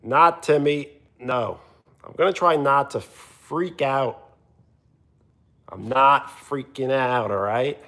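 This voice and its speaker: Animated male live streamer. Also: slow. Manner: animated, teasing, often jumping higher in pitch. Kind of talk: casual live-stream chat reading comments.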